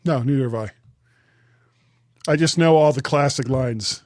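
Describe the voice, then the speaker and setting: A man's voice: mid-range voice, a little slow, a little mellow, no echo, clean studio sound. A man hosting a podcast, chatting casually and laughing easily. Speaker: podcast host. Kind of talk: casual chat.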